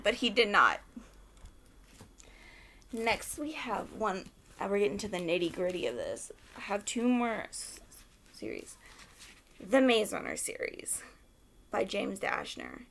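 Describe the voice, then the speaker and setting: A young woman rambling excitedly to camera about favorite books, swearing freely. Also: medium pitch, measured pace, long pauses. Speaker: book vlogger. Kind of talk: casual rant to camera.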